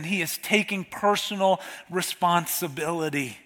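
A man preaching a sermon in a conversational way, slowing down when he reads scripture aloud. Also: sits high, bright, forceful tone, long reverb tail. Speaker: pastor.

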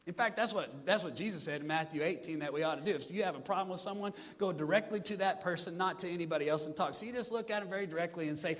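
A man preaching a sermon as a pastor, lively and speaking straight to the congregation, getting them to join in. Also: high-pitched, fast talker, big-room sound.

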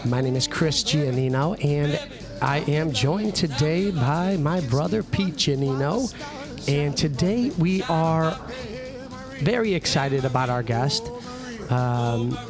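A man's voice: on the high side, takes it slowly, over music. Rambling male podcast host in a coffee shop. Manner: rambling, many fillers and restarts. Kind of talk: casual podcast chat.

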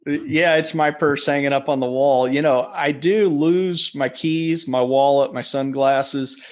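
A man of middle pitch talks casually on a podcast, telling self-deprecating jokes. He rambles and restarts, speaking from a home office. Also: steady tone, measured pace. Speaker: podcast co-host. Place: wife's office.

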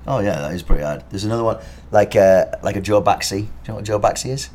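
A man's voice: on the low side, fast, darkish tone. A young English man co-hosting a podcast, chatting casually and teasing his partner as he explains British words. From England. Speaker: podcast co-host. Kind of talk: casual chat. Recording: faint background noise.

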